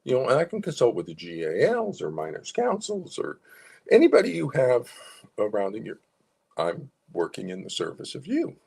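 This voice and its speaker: A man's voice: medium pitch, wildly swooping pitch, normal speed, vocal fry, darkish tone, slightly rough. A man, a psychologist consultant, gives clients informal advice and coaching, explaining step by step and repeating key phrases.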